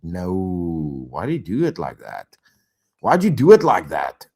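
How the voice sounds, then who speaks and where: A man streaming reaction commentary, exasperated and loud, repeating himself and swearing often. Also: low-pitched, huge pitch swings, measured pace, vocal fry.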